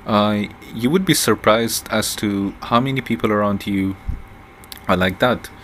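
Slow, rambling low-voiced man. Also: fairly bright tone, slight background noise. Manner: rambling, thinks aloud with many fillers and restarts. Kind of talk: casual solo musing, podcast-like.

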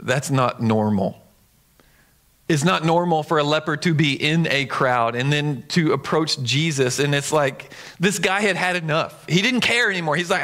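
A pastor delivers his sermon in a voice pitched a little above the usual for a man. He speaks earnestly and presses his points home, slipping into a conversational tone with small fillers as he goes. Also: normal speed, fairly bright tone.

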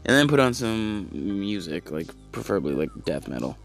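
A man delivers a stand-up bit with a lively, swinging voice. His tone is slightly low and casual, as if letting the audience in on a trick. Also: moderate pace, faint music behind. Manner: casual and conspiratorial, acts out scenes. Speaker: comedian.

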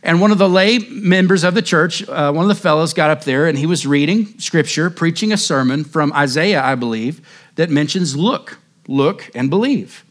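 A male pastor delivers a sermon with impassioned emphasis. His voice sits a little higher than most men's, and he leans hard into key phrases. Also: normal speed, fairly bright tone.

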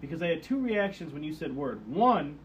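A young man co-hosting a casual chat, excitable and joking, often cutting in. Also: on the high side, slight background noise, rough recording. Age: young adult. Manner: excitable, joking, quick to interrupt. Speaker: podcast co-host.

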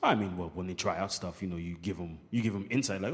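Blunt fast-talking low-voiced man. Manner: blunt, fast, stammering restarts. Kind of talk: casual chat. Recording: roomy reverb.

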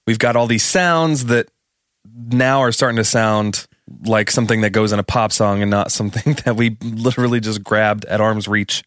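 A man's voice: lowish voice, steady tone, moderate pace, a bit bright, no echo. A man co-hosting a podcast, chatting casually about studio production and laughing as he explains. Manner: easygoing, laughs while explaining. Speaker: podcast co-host.

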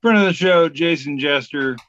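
A man's voice: a little high, moderate pace, a bit bright, dry recording, muffled recording. A man hosting a podcast, reading memes aloud in casual, profane comedic chat. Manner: laid-back, profane, breaks into sung bits.

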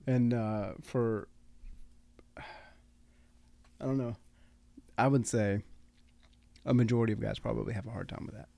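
Gravelly man in his thirties, reflective. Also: fairly low pitch, fairly even intonation, a little slow, pauses often, warm tone, dry recording. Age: 30s. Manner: reflective, teasing, laughs often. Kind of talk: casual podcast chat.

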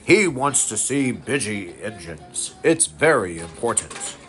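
A father voicing a stern, older railway boss in a lowered, measured voice while reading a storybook aloud. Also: very animated, a bit bright, soft background music, heavily acted.

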